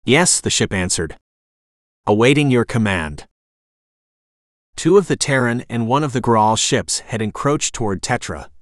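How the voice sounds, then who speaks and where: A man reading a science-fiction story aloud as narrator, with a steady storytelling delivery. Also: medium pitch, dry recording, studio quality. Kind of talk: scripted audiobook narration.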